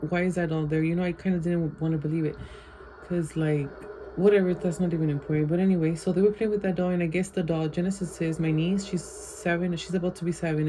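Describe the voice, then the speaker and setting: A woman's voice: lowish voice, mellow, a little hiss or hum, poor audio. A woman vlogger at home telling a rambling storytime, full of fillers and slipping Spanish phrases into her English. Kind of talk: casual storytime.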